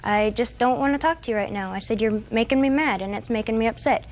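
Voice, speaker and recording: A woman in her twenties giving courtroom testimony, retelling events haltingly with fillers and restarts. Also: on the high side, a little mellow. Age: 20s. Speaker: defendant.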